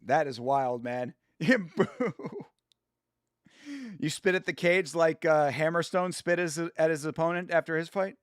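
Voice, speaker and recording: A man's voice: a little high, normal speed, hardly any pauses, smooth, no room sound, clean studio sound. A young man hosting a casual MMA live stream, rambling and swearing freely, with many fillers. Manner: rambling, profane, filler-heavy.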